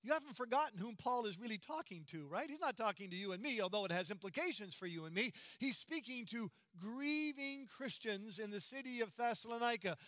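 A man's voice: very high voice, expressive, fairly quick, hardly any pauses, fairly bright tone, no echo. A middle-aged man preaching a sermon, emphatic and full of rhetorical questions to the congregation. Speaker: pastor.

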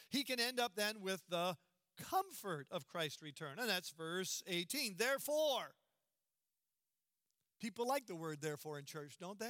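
A middle-aged man preaches with a high, bright, ringing voice. He leans hard on key words and keeps asking the congregation questions. The sound is dry and close. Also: no echo. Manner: emphatic, asks the congregation rhetorical questions. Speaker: pastor. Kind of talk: sermon.

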